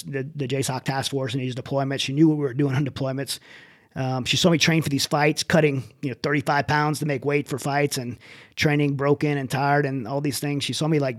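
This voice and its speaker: Middle-aged guy talking quick, earnest and candid, keeps restarting his sentences. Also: medium pitch. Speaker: interview guest, veteran. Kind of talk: personal testimony in conversation.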